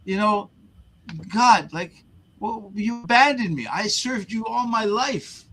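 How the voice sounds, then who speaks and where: A stubborn, devout old priest talks in a raised, thin voice and calmly turns down every rescue, as a man puts him on while telling a joke. He sounds unshakably sure of himself, and his lines come out slow and drawn out. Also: sits high, slight background noise, pitched above the performer's own voice, exaggerated voice, poor audio. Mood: aggrieved. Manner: calm, refusing, then aggrieved. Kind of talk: joke told in conversation.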